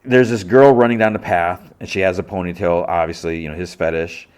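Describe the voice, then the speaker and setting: Male podcast host with a low voice, loose chatty recap full of fillers. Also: steady tone, a little fast, darkish tone, smooth. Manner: rambling, full of "like" and restarts. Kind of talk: casual episode recap.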